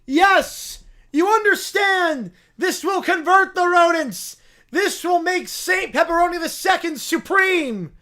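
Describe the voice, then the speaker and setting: A fanatical young bear preacher bellows orders in a high, strained voice, declaiming every line like a sermon, as a man puts him on. The delivery is loud and drawn out, with pitch climbing well above an ordinary speaking voice. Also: lively intonation, takes it slowly, heavily acted. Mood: frenzied shouting. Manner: booming, declaiming sermon-like commands.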